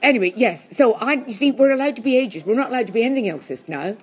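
A woman's voice: fairly high pitch, animated, rapid-fire, husky. An older woman co-hosting a casual podcast chat, blunt and provocative, teasing her co-hosts. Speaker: podcast co-host.

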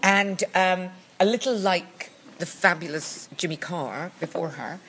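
Dry-witted Scottish woman, lowish voice. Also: fairly bright tone, a little hiss or hum. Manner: dry, teasing, drawn-out asides. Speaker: podcast co-host. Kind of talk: casual chat.

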